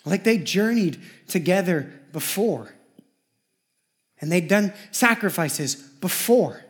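A man preaching a sermon as pastor, emphatic and repetitive, swinging from loud lines to hushed ones. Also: high-pitched, lively intonation, slow pace.

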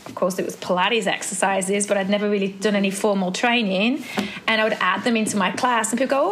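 A woman in her forties from the Black Country in England, her accent softened by years in America, chatting quickly as an interview guest and laughing often. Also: mid-range voice, fairly even intonation, background noise. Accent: English Black Country, softened by travel and time in America. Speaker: guest, Pilates instructor and former dancer. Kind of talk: casual interview chat.

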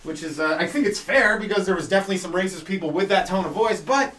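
A man's voice: high-pitched, quick pace, a bit bright, reverberant, recorded from a distance. A man doing a loose, profane comedy podcast monologue, full of rhetorical questions. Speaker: stand-up comedian podcast host.

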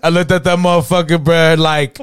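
A man's voice: on the high side, level tone, fairly quick, soft background music. A man on a podcast telling a story in casual chat, slangy and profane, forever asking "you know what I mean". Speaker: podcast co-host.

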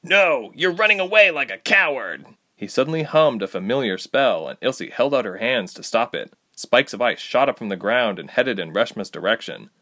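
Man narrating an audiobook, lively intonation, steady storytelling. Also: fairly low pitch, normal speed, few pauses.

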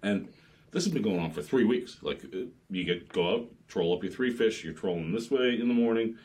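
A charter captain with a New England accent talks in a low voice, spinning fishing stories in a relaxed podcast chat. He tells them with lively animation. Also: brisk. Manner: animated storyteller, acts out customers' lines.

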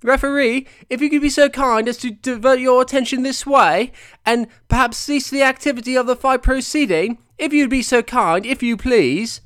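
A man voicing a fussy, overly polite older gentleman trainer who pleads with a referee in long-winded, genteel phrasing. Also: very high-pitched, normal speed, clean tone, no room sound, studio quality, pitched above the performer's own voice. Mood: prim pleading.

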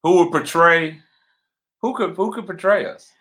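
Man co-hosting a home livestream; deep, loud, passionate delivery with a bright edge. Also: normal speed. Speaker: livestream co-host. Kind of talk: casual livestream chat.

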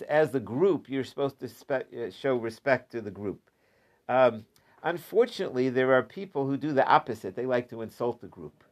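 A man teaching a casual Talmud class, chatty and digressive, chuckling often. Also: mid-range voice.

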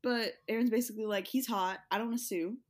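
A woman's voice: fairly high pitch, steady tone, fast talker. A woman co-host chatting casually and telling a rambling, giggly story. She laughs often and keeps rolling from one idea to the next. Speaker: podcast co-host. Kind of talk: casual chat.

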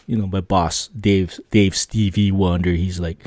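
A man hosts his own podcast and tells a loose, rambling story packed with fillers and tag questions. He laughs between lines. His voice is mellow and warm, and the sound is dry with no room echo. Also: low voice, fairly even intonation, a little slow. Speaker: podcast host. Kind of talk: casual storytelling.

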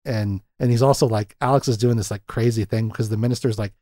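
A man's voice: fairly low pitch, steady tone, fast talker, warm tone, no room sound, clean studio sound. A man hosting a podcast in casual film chat, laughing often and acting out scenes as he retells them. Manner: chatty, laughs often, acts out quotes from scenes. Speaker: podcast host.

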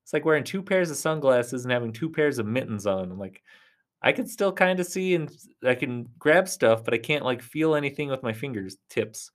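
A man hosting a casual solo podcast, rambling and chatty, talking straight to his listeners in a reassuring way, often dropping to soft near-whispers. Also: mid-range voice, expressive, a little fast. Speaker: podcast host.

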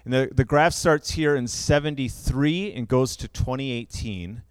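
A man's voice: medium pitch, normal speed, clean tone, no echo. A younger man preaching a sermon, explaining figures in a conversational way with asides. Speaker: pastor.

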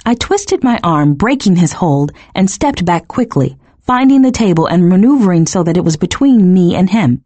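A woman narrating a first-person novel in an expressive, emotionally engaged reading. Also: on the low side, normal speed, hardly any pauses, no room sound. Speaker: audiobook narrator.

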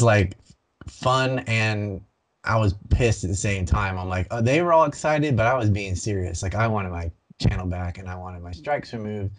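A man guest in a casual interview, telling his story in an animated, rambling way with many restarts. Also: fairly low pitch. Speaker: banned video creator.

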